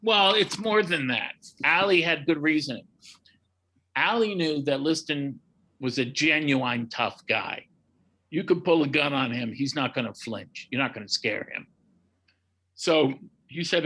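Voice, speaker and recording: A man, a boxing historian, telling animated anecdotes in a casual chat and acting out the quotes. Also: on the high side, measured pace, rough recording.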